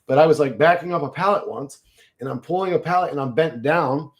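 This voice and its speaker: A man's voice: fairly high pitch, fairly quick. A man talking on his livestream in a casual, emotional way, swearing and laughing as he goes. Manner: animated, emotional, profane; laughs often mid-sentence.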